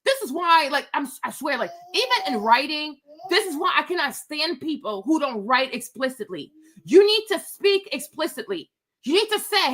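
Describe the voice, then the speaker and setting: A woman's voice: sits high, very animated, normal speed, fairly bright tone. A woman vlogger ranting in casual talk, exasperated and emphatic, repeating her points. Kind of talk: casual rant to camera.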